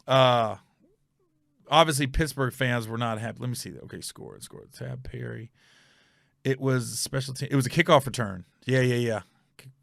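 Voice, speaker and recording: A man's voice: medium pitch, vocal fry, bright, forceful tone, no room sound, studio quality. A male podcast host telling a casual, rambling story, often stopping to correct himself and check facts aloud.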